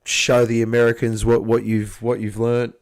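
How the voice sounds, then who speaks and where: A man hosting a casual livestream chat, friendly and halting, often repeating words. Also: medium pitch, completely flat delivery, no echo, clean studio sound. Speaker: livestream host.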